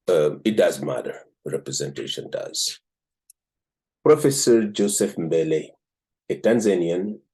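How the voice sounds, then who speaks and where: A man from Africa with an African accent hosts a show, reviewing a book and reading it aloud in a measured way with frequent "um" pauses. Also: rumbling low, a little mellow. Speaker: host and book reader.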